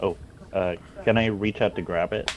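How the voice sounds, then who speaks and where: A man playing in a tabletop game who speaks hesitantly, filling his sentences with pauses and fillers. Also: low voice, fairly even intonation. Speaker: player. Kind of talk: casual tabletop game chat.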